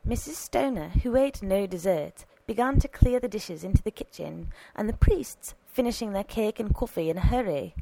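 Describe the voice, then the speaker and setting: A woman narrating an audiobook story in an expressive, animated reading on a close microphone. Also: medium pitch, moderate pace, vocal fry, few pauses, slight background noise, poor audio.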